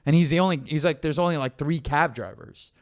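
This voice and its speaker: Man, young adult, smooth clear voice, slightly high pitch, casual rambling storytelling, acts out dialogue. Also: brisk, no room sound, studio quality. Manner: rambling anecdotes, acts out both sides of dialogue. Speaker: comedian podcast co-host.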